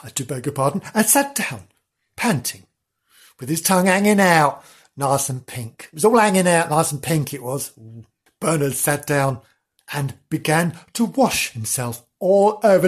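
A woman reads a bedtime story slowly, in a low, husky voice. Her pitch rises and falls a great deal. She breaks off for playful, chatty asides. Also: sing-song. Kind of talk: children's story reading with asides.

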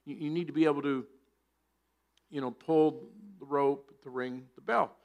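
Man doing a polite amazed pastor, kinda hesitant, fairly high voice. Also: fairly even intonation, normal speed, highs cut off, lightly acted. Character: polite, amazed small-town church pastor.

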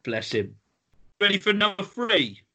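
A man's voice: high voice, very animated, unhurried, bright, forceful tone. A man hosting a podcast quiz in casual chat, playful and giggly, often tripping over his words. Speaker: podcast host running a quiz.

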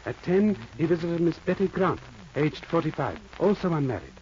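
An actor playing a formal, patient older detective who speaks in clipped, stilted phrases without articles and quotes proverbs, in 1940s radio acting style. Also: male voice, a little high, very animated, normal speed, a little mellow. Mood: calm, formal. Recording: muffled old radio recording with hiss.

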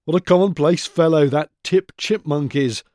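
A man's voice: on the high side, moderate pace, darkish tone, dry recording, clean studio sound, pitched above the performer's own voice, natural voice. A man doing a sulky, sneering young squirrel. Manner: grumbling, sneering.

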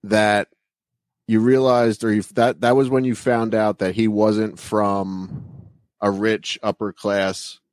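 Male podcast host, low voice, hesitant questions, dry close sound. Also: level tone, slow, a little mellow, clear, resonant tone, no echo. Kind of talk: casual interview questions.

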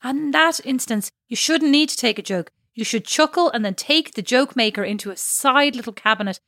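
A woman's voice: a little high, a little fast, a bit bright, dry recording. Teasing woman, dry close sound. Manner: teasing, laughs often. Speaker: podcast co-host. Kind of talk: casual chat between sisters.

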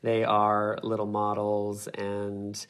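A man's voice: fairly low pitch, completely flat delivery, slow, a bit bright, clear, resonant tone. An American man, a guest on a podcast, talking in a playful, upbeat way. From United States. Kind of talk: casual interview chat.

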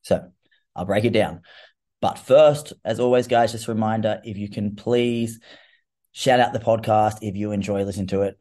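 Deep-voiced Australian man, chatty podcast host. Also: steady tone, moderate pace, a little mellow. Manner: chatty, rambling, informal with fillers. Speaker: fitness coach podcast host. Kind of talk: casual solo podcast talk.

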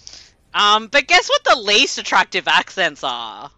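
A woman's voice: medium pitch, wildly swooping pitch, a little slow, pushed and bright, no room sound. A woman co-hosting a podcast, swearing freely and teasing the others in playful banter. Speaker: podcast co-host.

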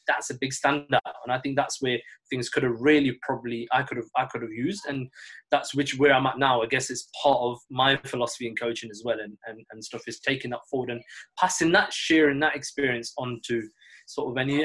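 A relaxed man in an easygoing interview, reflecting on his playing days at an even, middle pitch. He talks things through at his own pace and slips into the voices of people he is quoting. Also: fairly quick. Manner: relaxed, reflective, acts out quoted dialogue. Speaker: former cricketer and coach. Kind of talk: casual interview storytelling.

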